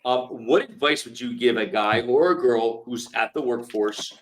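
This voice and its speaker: Brief: middle-aged male co-host, thoughtful questioner, mid-pitched voice. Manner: thoughtful, asks questions with pauses. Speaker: podcast co-host. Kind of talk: casual podcast conversation.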